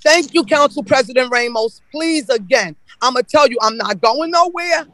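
A man with a very high voice speaks out at a city council meeting, emotional and accusatory, driving his points home again and again. The sound is dry and close, with no room around it. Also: expressive, moderate pace, pushed and bright, no echo, low-quality recording. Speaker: public commenter. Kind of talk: impassioned public comment.

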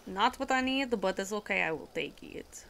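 Giggly chatty woman with vocal fry. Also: medium pitch, lively intonation, normal speed, fairly bright tone, a little hiss or hum. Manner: chatty, giggly, slips into a put-on accent-like voice; talks to chat and other players while playing. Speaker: streamer. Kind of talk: casual live gaming chat.

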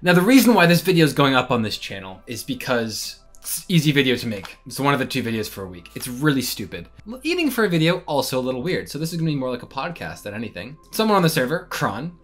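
A man's voice: mid-range voice, fairly bright tone. A young man and student rambling casually to camera in a vlog, self-deprecating and chatty. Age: young adult. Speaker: vlogger.

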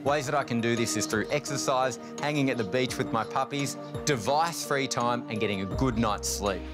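A man's voice: mid-range voice, a little fast, music in the background. A man with an Australian accent, presenting a cooking and wellness segment in a chirpy, scripted TV manner.

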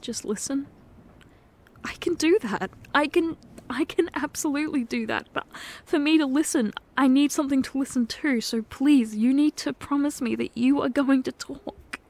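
A woman doing a whispered role-play as a girlfriend, speaking in a tender, pleading, soft-spoken way. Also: high voice, normal speed. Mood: concerned. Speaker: ASMR performer.

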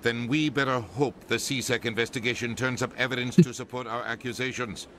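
An actor playing a stern, indignant human ambassador in a game. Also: male voice, mid-range voice, fairly even intonation, a little fast, a loud crowd, close to an everyday voice. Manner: sharp, demanding, stern. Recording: game audio over music.

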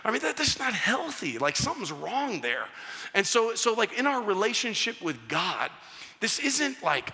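A male pastor preaching a sermon, telling stories with animated back-and-forth dialogue. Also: sits high, normal speed. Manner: animated storytelling, acting out dialogue. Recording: church hall reverb.

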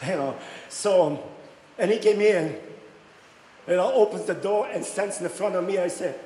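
High-voiced preacher man in an echoey hall. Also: normal speed, pauses often, slight background noise. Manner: storytelling preacher, rising to excited shouts. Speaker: pastor. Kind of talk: sermon. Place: church hall. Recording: echoey hall with faint music.

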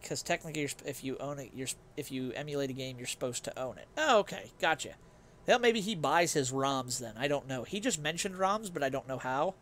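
A man's voice: mid-range voice, animated, brisk, a bit bright, a little hiss or hum. A young man streaming a game, chatting casually with his chat in a rambling, self-mocking way and laughing easily. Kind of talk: casual chat while gaming and reading chat.

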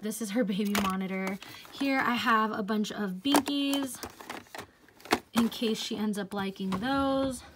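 A pregnant vlogger in her twenties gives a chatty tour, gushing over things, saying "like" a lot, and sounding short of breath. Her voice is fairly high, with a little hiss or hum.

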